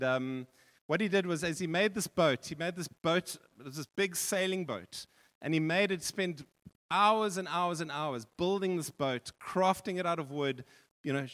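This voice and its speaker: A male pastor preaching a sermon in a church hall, telling a story with animated repetition. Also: a little high. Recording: long reverb of a church hall.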